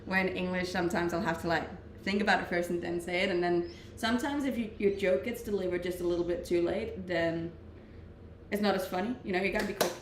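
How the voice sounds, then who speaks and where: A young woman from Denmark who speaks English with a Danish accent, chatting casually as a livestreamer and answering viewer messages in a relaxed way, laughing often. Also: fairly low pitch, fast talker. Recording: echoey room with faint ambient noise.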